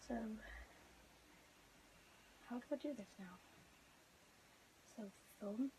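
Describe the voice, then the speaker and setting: A bright, high-pitched woman talks into her phone from her bedroom, excited and gushing, with her voice sometimes sinking to a hushed whisper. The home recording has a clear layer of hiss and noise under her voice. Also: moderate pace, pauses often. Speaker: vlogger. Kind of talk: casual unboxing vlog.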